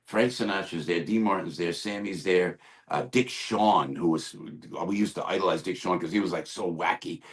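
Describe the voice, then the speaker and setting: An older man, a guest comedian, tells show-business stories with a somewhat low voice. He acts out the voices of the people he quotes and repeats words for effect. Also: moderate pace. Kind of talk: animated anecdotal storytelling.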